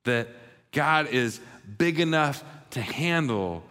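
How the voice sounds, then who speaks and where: A man's voice: mid-range voice, lively intonation, slow, a bit bright, clear, resonant tone. A man preaching a sermon, telling a story and acting out the voices of its characters. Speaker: pastor. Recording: long reverb of a large hall.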